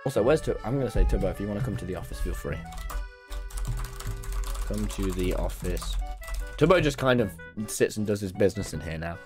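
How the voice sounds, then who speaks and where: A man, casually chatting with viewers on a live stream from his office, animated and swearing as he tells stories. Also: on the low side, brisk, pauses often, over music. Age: late teens. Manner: animated, swearing, lively storytelling.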